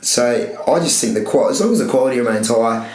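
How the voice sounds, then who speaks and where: A man's voice: mid-range voice, fairly quick, darkish tone. A young man, a running coach, chatting casually on a podcast in a loose, rambling, self-correcting way. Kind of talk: casual chat. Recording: echoey room.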